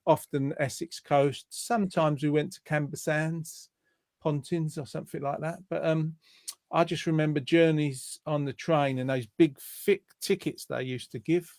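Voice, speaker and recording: A man's voice: on the high side, steady tone, moderate pace, no echo. A man hosting a casual online chat, rambling and friendly, on a video call. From England. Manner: warm, rambling, chatty with fillers. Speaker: host.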